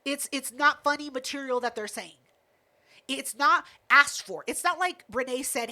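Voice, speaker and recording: A woman co-hosting a podcast, telling a story in a casual, animated rant full of swearing. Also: sits high, moderate pace. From United States. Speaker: podcast co-host. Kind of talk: casual chat.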